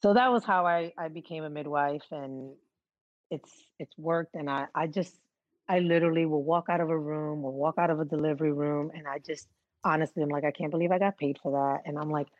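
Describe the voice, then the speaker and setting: A woman's voice: sits low, fairly even intonation, fairly quick, no echo, muffled recording. A woman who works as a midwife, telling her story earnestly and from the heart in a casual interview.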